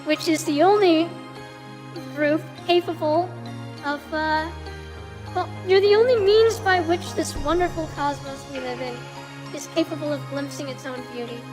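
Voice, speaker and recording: A woman's voice: high voice, steady tone, normal speed, big-room sound, music in the background. A woman streamer giving an earnest, reflective pep talk to her chat, sometimes searching for the right words.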